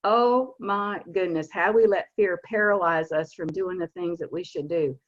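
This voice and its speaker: A woman in her sixties with a Southern accent, giving an earnest, emphatic motivational talk to her team on a video call. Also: fairly low pitch. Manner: earnest, emphatic, stresses key words slowly. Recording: muffled lo-fi video call audio.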